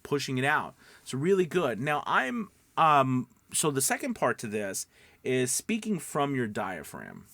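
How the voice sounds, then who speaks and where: A man's voice: mid-range voice, wildly swooping pitch, measured pace, gravelly, fairly bright tone, dry recording. A man teaching voice acting in a casual, rambling spoken lesson full of fillers and restarts. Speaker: voice acting coach.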